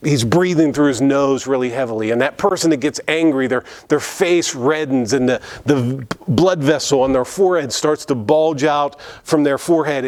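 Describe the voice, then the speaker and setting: Male pastor, mid pitch, earnest sermon delivery, repeats and restarts. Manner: earnest preaching with repetitions and restarts. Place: church.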